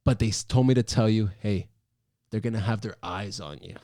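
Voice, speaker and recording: A man in his thirties, hosting his own talk show, tells a personal story in casual chat, animated and emphatic with many restarts. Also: on the low side, brisk. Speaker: podcast host.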